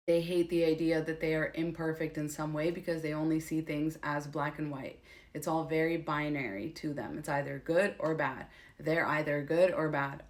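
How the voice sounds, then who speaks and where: A woman giving casual, opinionated commentary, blunt and sarcastic and swearing freely. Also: deep voice.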